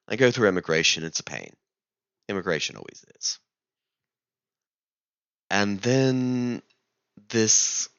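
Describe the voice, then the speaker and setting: A man telling a travel story in a casual vlog, animated and exasperated. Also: sits low, creaky, no room sound, muffled recording. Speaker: vlogger.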